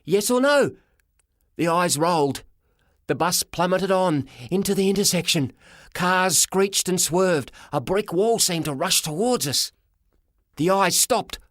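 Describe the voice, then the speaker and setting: A man narrating a children's story as a boy, with a lively, dramatic reading. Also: high voice, unhurried, no room sound, clean studio sound. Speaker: audiobook reader. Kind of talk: storybook narration in a boy's first person.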